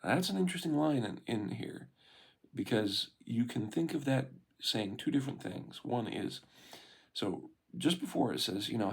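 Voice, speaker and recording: Brief: man reading and explaining scripture, gravelly, lively pitch. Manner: reads slowly, then muses with fillers and restarts. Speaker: scripture reader and commentator. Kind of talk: scripture reading and casual commentary.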